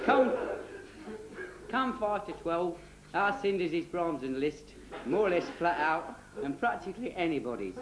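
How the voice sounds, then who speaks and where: A man, presenting and telling a spoof children's story in a cheeky, giggly storybook tone. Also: fairly high pitch. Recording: roomy echo.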